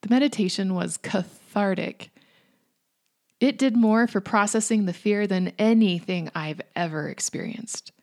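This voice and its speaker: A woman in her thirties giving a reflective devotional talk in a gentle, earnest way, sometimes dropping to a hush. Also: mid-range voice, measured pace. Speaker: faith speaker.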